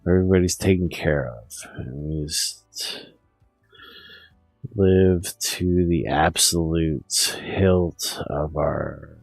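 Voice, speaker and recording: A man's voice: a bass voice, takes it slowly, vocal fry, no room sound, faint music behind, low-quality recording. A man streaming a profane, meandering rant full of restarts. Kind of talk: rambling monologue.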